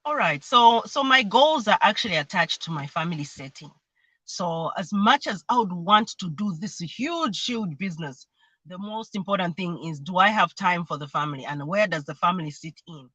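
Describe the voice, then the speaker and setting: Woman guest, earnest explainer, bright tone, dry mic. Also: on the low side, animated, normal speed, no echo, low-quality recording. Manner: earnest, explanatory, imitates voices when quoting. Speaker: mentee sharing her experience. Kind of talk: livestream conversation. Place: remote video call.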